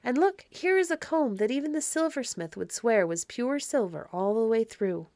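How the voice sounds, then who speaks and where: A crafty one-eyed peddler sweet-talks his way along in old-fashioned speech, read by a woman. The storybook voice sits at a middling pitch. It is recorded dry and close. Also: animated, moderate pace, dark tone, no echo. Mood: wheedling. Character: sly one-eyed male peddler, wheedling.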